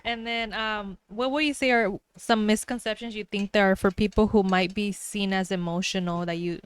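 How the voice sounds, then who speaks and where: Woman co-host, mid pitch, short agreements, brief questions. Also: steady tone, moderate pace, clean tone. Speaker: podcast co-host. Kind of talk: casual podcast interview.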